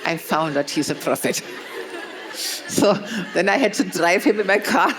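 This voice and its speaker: A woman's voice: on the low side, expressive, moderate pace, a faint crowd. Woman preaching with chatty "no?" asides. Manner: conversational, tag questions "no?". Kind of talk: sermon.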